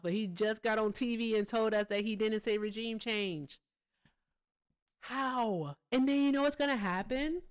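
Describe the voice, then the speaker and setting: A woman hosts a casual political commentary livestream in a smooth, clear voice at a middle pitch. She talks bluntly and swears freely, breaking off now and then to chat with her viewers. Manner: blunt, profane, chats with viewers between points. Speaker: livestream host.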